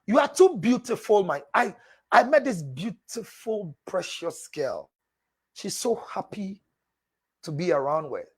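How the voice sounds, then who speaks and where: A husky male counselor who lectures his viewers in an emphatic, preachy tone. His pitch swings widely as he leans on repeated lines for stress. He calls his listeners "my dear" as he answers their messages one by one. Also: sing-song, unhurried. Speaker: relationship counselor. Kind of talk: live show reading viewer messages.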